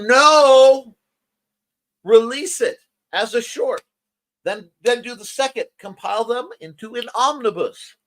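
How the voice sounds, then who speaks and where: A man hosting a casual morning livestream, chatting with viewers and reading out their comments with quick asides. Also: a little high. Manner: lively, chatty, quick asides and self-corrections. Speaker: morning show host.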